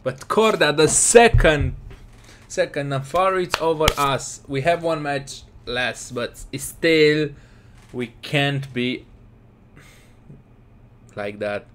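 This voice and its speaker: A man with casually commentating his football game, excitable and scolding his players. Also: mid-range voice, takes it slowly, pauses often, a little hiss or hum. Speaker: gaming commentator.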